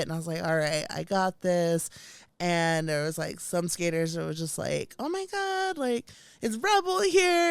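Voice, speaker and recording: A young woman co-hosting a casual podcast, telling an animated story full of "like"s and laughter. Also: fairly low pitch, smooth, no echo. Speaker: podcast co-host. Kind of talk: casual chat.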